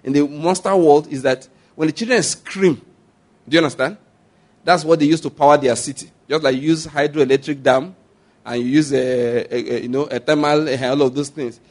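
Nigerian pastor, middle-aged, fairly high voice, lively storytelling sermon, repeats for emphasis. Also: male voice, brisk. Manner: animated storytelling, acts out scenes, repeats points.

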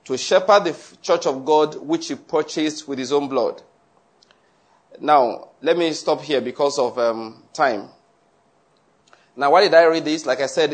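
Male preacher, scripture-reading sermon, earnest and emphatic, voice a touch high. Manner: earnest, repeats points for emphasis. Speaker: pastor teaching a Bible study.

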